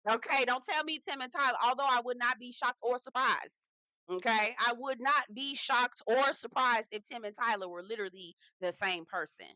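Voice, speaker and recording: A woman's voice: a little high, moderate pace, pushed and bright, no echo. Sassy woman recapping a show. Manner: sassy, slangy, talks straight to viewers. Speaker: reality TV recap host. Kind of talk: casual review commentary.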